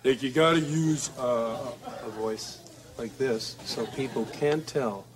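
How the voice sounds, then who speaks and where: A man's voice: mid-range voice, slow, background noise, lightly acted. A man playing a Canadian rock singer in a comedy sketch, easygoing and slipping in "like" and "eh". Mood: amused. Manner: easygoing, slips in "like" and "eh". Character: Canadian rock singer hiding his hoser side. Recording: archive TV clip with loud audience.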